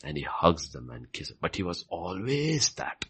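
A man preaching a sermon and reading scripture aloud, swinging from low murmurs to loud, high emphatic bursts and repeating key phrases to the congregation. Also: big pitch swings, measured pace, breathy edge.

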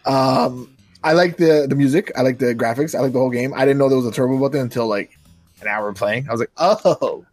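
A man's voice: mid-range voice, fast talker, darkish tone, faint music behind. A man in casual video game chat, laid-back and hesitant, with many fillers.

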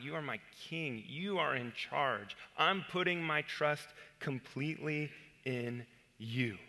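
A man preaching a sermon as a pastor, earnestly explaining scripture step by step and reading verses slowly. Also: fairly high pitch, pushed and bright, in a large hall.

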